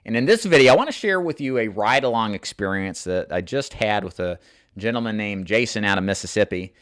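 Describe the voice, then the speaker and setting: A male insurance sales coach talks straight to camera in a casual, earnest way, with fillers now and then. His voice sits fairly low, and the recording is dry and close. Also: expressive, a little fast, a bit bright, dry recording. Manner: earnest, plain-spoken, many fillers.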